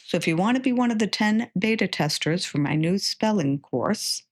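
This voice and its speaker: A woman hosting a podcast, slowly and deliberately modeling letter sounds as she teaches reading. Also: mid-range voice, expressive. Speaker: podcast host and literacy tutor. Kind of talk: scripted podcast lesson.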